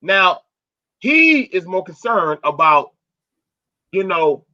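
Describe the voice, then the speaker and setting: A man's voice: sits high, sing-song, measured pace, bright, forceful tone. A man hosting a casual online panel, talking bluntly and profanely with lots of animation. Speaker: host. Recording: dull lo-fi sound.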